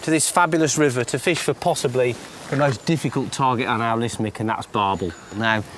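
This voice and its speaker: A man's voice: mid-range voice, a little fast, a bit bright, a little hiss or hum. A man presenting a fishing show outdoors by the water, explaining things in an encouraging, matey way. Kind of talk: casual fishing commentary.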